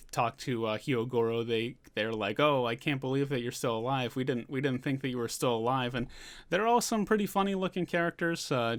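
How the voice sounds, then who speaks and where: A man's voice: medium pitch, smooth. A man giving a casual, rambling recap of a manga chapter as a reviewer, loosely paraphrasing the scenes.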